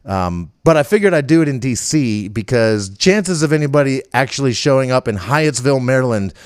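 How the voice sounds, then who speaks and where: A man's voice: medium pitch, lively intonation, brisk, smooth, no room sound, studio quality. An older man with a rural Virginia country accent, hosting a podcast in a rambling, casual chat with many fillers. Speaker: podcast host.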